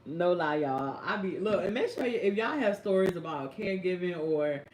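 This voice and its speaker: A young woman caregiver telling stories on a live stream, speaking AAVE and talking to viewers in a lively, chatty way. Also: fairly low pitch, normal speed, a little hiss or hum. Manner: animated, chatty, addresses viewers as y'all and baby. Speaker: caregiver vlogger. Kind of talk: casual live-stream storytelling. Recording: echoey room.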